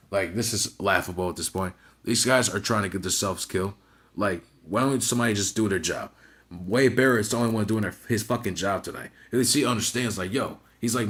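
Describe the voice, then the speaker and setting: A man giving a casual, profane, mocking recap of a wrestling show, full of "right?" and "you know what I'm saying" fillers. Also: lowish voice. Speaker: wrestling reviewer.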